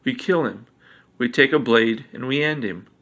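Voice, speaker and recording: A man's voice: mid-range voice, normal speed, a bit bright. A man voicing a blunt, bloodthirsty wizard.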